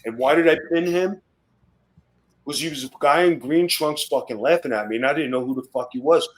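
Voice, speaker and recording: A man's voice: a little high, fairly quick, rough recording. Blunt, profane man telling tough stories. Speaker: podcast guest, former wrestler. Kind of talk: casual storytelling interview.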